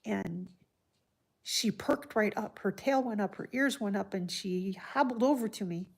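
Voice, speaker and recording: A woman hosting a casual livestream from home, chatting softly and heartfelt while answering viewers by name. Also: medium pitch, measured pace, vocal fry. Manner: soft-spoken and heartfelt. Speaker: livestream host. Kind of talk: casual live-stream chat.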